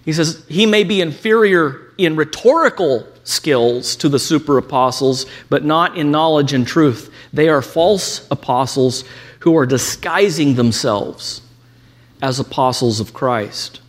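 A man's voice: a little high, measured pace. A man teaching a lecture on scripture, reading quotations aloud and adding ironic asides. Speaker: Bible teacher.

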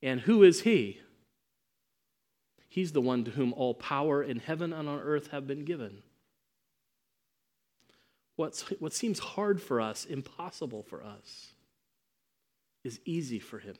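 A man's voice: mid-range voice, animated, a little slow, pauses often. Emphatic male preacher. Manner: emphatic, swinging from loud proclamation to quiet asides. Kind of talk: sermon.

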